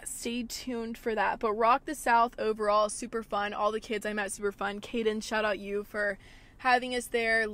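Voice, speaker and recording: A woman's voice: medium pitch, fairly bright tone. A young woman hosting a podcast from a parked car, talking casually, swearing a lot and filling her sentences with "like". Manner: chatty, swears a lot, heavy filler "like". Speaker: podcast host. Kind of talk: casual solo podcast chat. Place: parked car at a gas station.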